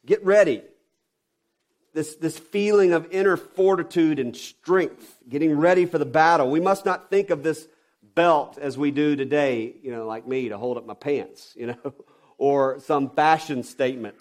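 A pastor preaching a sermon, emphatic, with rhetorical questions and swings from loud stresses to quiet drops. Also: male voice, fairly high pitch, moderate pace.

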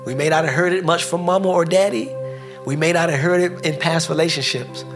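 A man preaching a sermon as pastor, building rhythmic repeated phrases and dropping soft and low for emphasis. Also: fairly quick, over music.

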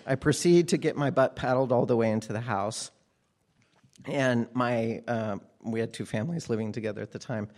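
A man's voice: mid-range voice, normal speed, a little mellow. A man telling a candid personal story to an audience from a stage, plainspoken and wry. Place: stage under bright lights.

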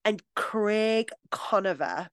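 A British woman co-hosting a podcast in a lively, enthusiastic way. She laughs easily between thoughts. Her voice sounds close and dry, with almost no room around it. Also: medium pitch, slow pace, clear, resonant tone, no room sound. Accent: British English. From Britain. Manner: chatty, enthusiastic, laughs often. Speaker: podcast co-host. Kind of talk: casual chat.

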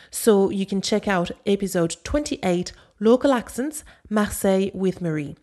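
A woman with a Parisian accent hosts a scripted language-learning podcast. She explains pronunciation clearly and patiently, then demonstrates French phrases herself. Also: mid-range voice, darkish tone. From Paris, France. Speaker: podcast host and French teacher.

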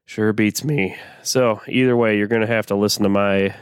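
Male podcast host, raspy from allergies, low-pitched, easygoing, with plenty of ums and uhs. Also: fairly even intonation, normal speed, no echo, studio quality. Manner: laid-back, conversational, frequent fillers. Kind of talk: casual solo podcast commentary.

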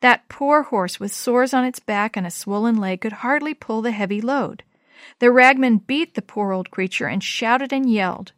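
A woman reading a Christmas story aloud in a gentle, measured storytelling manner. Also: a little high, dry recording, clean studio sound. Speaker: story reader.

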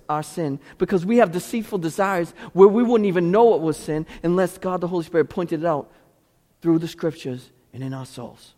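A pastor preaching a sermon with passion, moving between pleading cries and hushed intensity. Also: male voice, a little high, moderate pace. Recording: long hall reverb.

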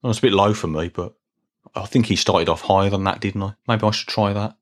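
A man's voice: lowish voice, fairly even intonation, fairly quick. A middle-aged man hosting a solo podcast, talking in a chatty, rambling, self-deprecating way with small restarts. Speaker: podcast host. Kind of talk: casual solo podcast talk.

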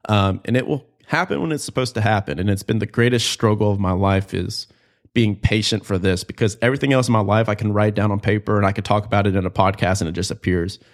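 Earnest young man, low voice. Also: fast talker. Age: 20s. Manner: earnest, candid, peppered with fillers and casual swearing. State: emotional, close to tears. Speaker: podcast host. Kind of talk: personal reflective monologue.

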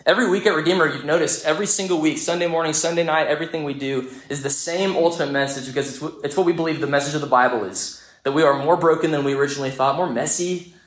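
A young man preaching a sermon, telling a story in a lively, conversational way. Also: fairly high pitch, fast. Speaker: pastor. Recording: echoey church room.

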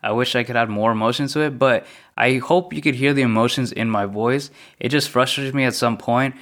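Man musing in an even monotone. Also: medium pitch, fairly quick. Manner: self-described monotone, reflective, repeats questions. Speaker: podcast host. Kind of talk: solo podcast monologue.

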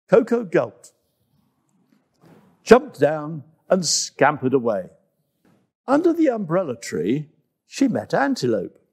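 A man narrating a children's storybook in an expressive, unhurried way. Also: fairly high pitch, husky.

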